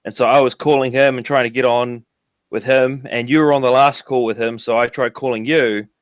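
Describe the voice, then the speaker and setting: A man's voice: mid-range voice, fairly even intonation, a little fast, clean tone, no echo. Man, New Zealand accent, caller, casual chat, profane, rambling, dry sound. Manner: profane, rambling, filler-heavy.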